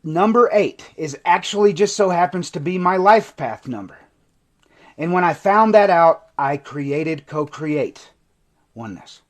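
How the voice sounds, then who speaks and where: A man who coaches people in recovery, giving an impassioned, emotional livestream monologue that swings from intense to hushed. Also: fairly high pitch, lively intonation, unhurried. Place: TikTok live stream.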